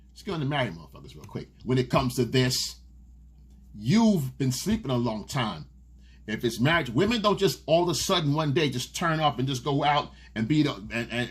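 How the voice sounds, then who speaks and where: A man's voice: medium pitch, fairly bright tone, slightly rough. A man giving casual dating advice in a monologue. He is blunt and profane and keeps asking "okay?". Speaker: dating coach.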